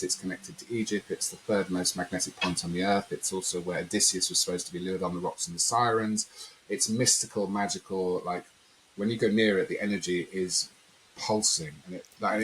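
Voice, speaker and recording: Deep-voiced man telling a story. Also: a little hiss or hum, low-quality recording. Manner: rambling, animated storyteller who acts out quotes. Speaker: podcast guest. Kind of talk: storytelling in a conversational interview.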